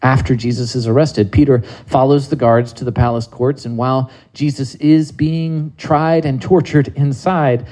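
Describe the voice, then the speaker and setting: A man's voice: mid-range voice, fairly even intonation, normal speed, few pauses, mellow, poor audio. A man preaching a sermon in a conversational way, with many rhetorical questions to his listeners.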